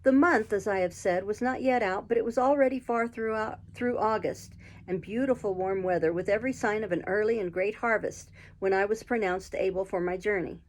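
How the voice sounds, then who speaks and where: A woman's voice: medium pitch, a little fast. A woman reading a classic adventure novel aloud, lifting her voice for the characters' quarrelling lines. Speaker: audiobook reader.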